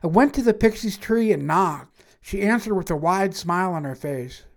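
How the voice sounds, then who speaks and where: A woman's voice: fairly low pitch, lively intonation, normal speed. A woman reading a first-person fantasy story aloud in a wry, matter-of-fact way.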